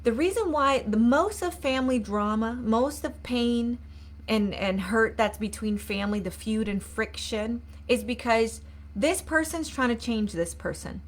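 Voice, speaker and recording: A woman mindset coach talks to her viewers on a live stream. Her voice sits a little high, and she is earnest and repetitive, with questions and prompts for comments. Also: lively intonation, measured pace. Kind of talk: live-streamed motivational talk.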